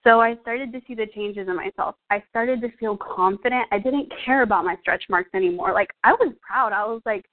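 A young woman talks through her own story as a coach, earnest and close to tears, with lots of "like" and "um". Her voice sits at a middle pitch. It comes through thin and tinny, like a phone line. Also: fairly quick, few pauses. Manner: earnest, emotional, fillers like "like" and "um". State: out of breath. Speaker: fitness coach. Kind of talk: personal testimonial.

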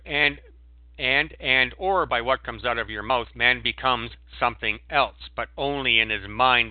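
A man giving a preachy, emphatic monologue as a guest on a call-in show, breaking into sudden loud outbursts. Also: medium pitch, no echo. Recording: tinny phone line, dry.

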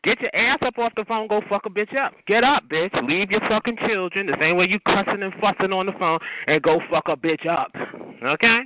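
A man, ranting at someone on a phone chat line, cursing, taunting and repeatedly asking "okay?". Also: a little fast. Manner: pitch jumps up sharply when yelling. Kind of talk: heated phone rant. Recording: tinny phone line with hiss.

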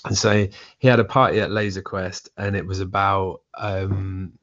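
A man's voice: low voice, little pitch movement, moderate pace, a bit bright, dull audio. A man from England, near Essex, with an English accent, chatting loosely as a podcast guest and rambling with lots of restarts. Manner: rambling, frequent restarts and filler "like". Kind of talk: casual storytelling chat.

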